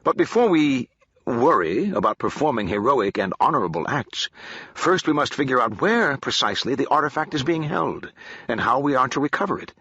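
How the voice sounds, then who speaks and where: A man's voice: mid-range voice, sing-song, moderate pace, bright, forceful tone, breathy edge, no echo, highs cut off, pitched above the performer's own voice, exaggerated voice. Data, a precise android officer, voiced by a man. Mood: measured. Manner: exact, formal, no contractions.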